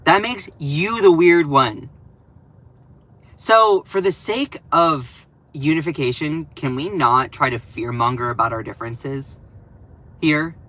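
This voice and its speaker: A young man talking in a casual political commentary vlog, animated and sarcastic, with lots of fillers and quick asides. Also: on the high side, poor audio.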